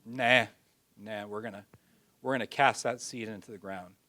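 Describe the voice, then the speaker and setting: A man's voice: lowish voice, fairly even intonation, normal speed, bright, forceful tone. Brief: preacher voicing an anguished farmer praying aloud in a sermon, pleading, close to his own voice. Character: desperate struggling farmer, man, praying.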